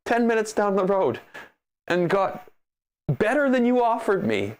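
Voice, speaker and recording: Animated ranting man. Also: sits high, measured pace, long pauses, clear, resonant tone. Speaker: maker livestreamer. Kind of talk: casual livestream chat.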